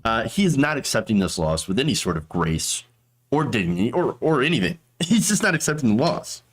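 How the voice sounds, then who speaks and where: A man's voice: mid-range voice, big pitch swings, a little fast. A man hosting a political commentary show, talking in a sarcastic, mocking way.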